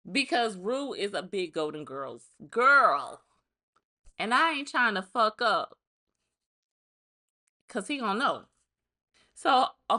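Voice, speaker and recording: A woman's voice: on the low side, pushed and bright. A woman giving a casual recap of a reality show, talking in a blunt, chatty way, full of profane asides.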